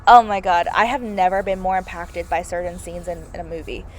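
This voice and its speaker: A woman's voice: on the low side, steady tone, brisk. A young woman giving a casual, gushing movie review, peppered with "like" and "oh my God", over faint background noise. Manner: gushing, heavy use of "like" and "oh my God".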